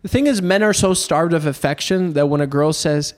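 A young man co-hosting a casual podcast, teasing and interjecting with quick questions. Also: a little high. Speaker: podcast co-host. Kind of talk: casual chat.

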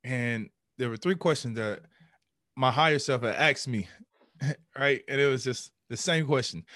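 A man in his thirties tells a deeply personal story as a podcast guest. He slips into animated, higher re-enactments of his own past voice, then settles back into a reflective tone. The recording is dry and close. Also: normal speed, no room sound.

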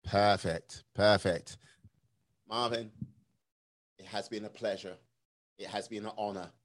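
A man's voice: lowish voice, steady tone, measured pace. A man hosting a podcast interview in a casual, playful way, laughing often and drawing out his sign-offs. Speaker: podcast host.

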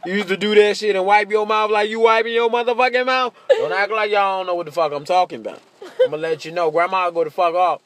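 A man doing a profane stand-up comedy monologue, brash, laughing often and slipping into shrill mocking voices. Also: steady tone, quick pace, fairly bright tone.

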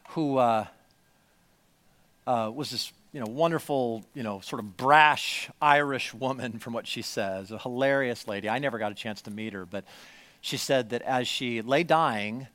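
A man preaching a sermon to a congregation, swinging from hushed storytelling to loud, emphatic lines. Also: medium pitch, unhurried. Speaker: pastor. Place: church, before a congregation.

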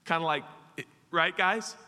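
A man preaching a sermon, animated and quick to act out the people in the story. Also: on the high side, clear, resonant tone. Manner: animated, acts out the disciples in quick voices. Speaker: pastor. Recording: long hall reverb.

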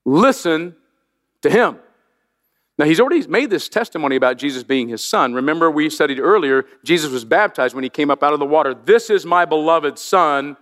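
A man preaching a sermon as pastor, animated, with jokey asides and rhetorical questions to the congregation. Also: on the high side, quick pace, few pauses, in a large hall.

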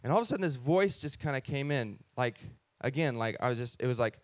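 A man sharing his personal faith testimony in an earnest, animated way, often acting out his own thoughts. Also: medium pitch, quick pace, no echo.

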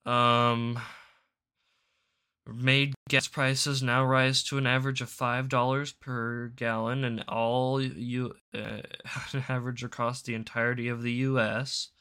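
Male commentator for reaction videos: bright, sharp voice at mid pitch, sarcastic rambling delivery into a home desk mic. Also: flat delivery, takes it slowly, clean tone. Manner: sarcastic, rambling, swears casually. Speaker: political commentator. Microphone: desk microphone.

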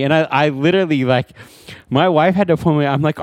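A man in casual conversation telling a story with lots of energy, his voice jumping high when indignant. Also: brisk, dry recording, studio quality. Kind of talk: casual chat.

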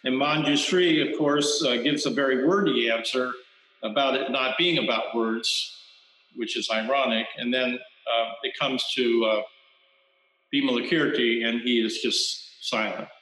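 A male Zen teacher gives a reflective dharma talk, often pausing and restarting his phrases. His voice is bright and slightly tense. The recording carries the echo of a roomy hall. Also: mid-range voice, fairly even intonation. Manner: reflective, halting, many restarts and fillers.

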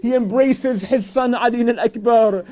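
A man preaching an emotional religious narration, rising to anguished cries and shouts. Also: extremely high pitch, unhurried. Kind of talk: emotional religious recitation sermon.

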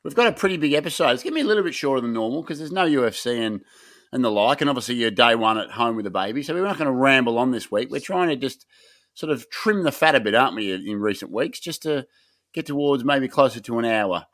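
An Australian man hosts a podcast in a playful, teasing tone. He keeps the chat upbeat, and his voice sits at an ordinary pitch. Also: lively intonation, quick pace, fairly bright tone. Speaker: podcast host. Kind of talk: casual chat.

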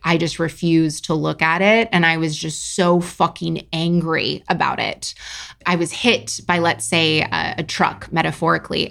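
A woman in her thirties who works as a coach hosts a solo podcast, talking candidly with profanity and self-mocking asides in a casual monologue. Her voice is on the low side, with vocal fry.

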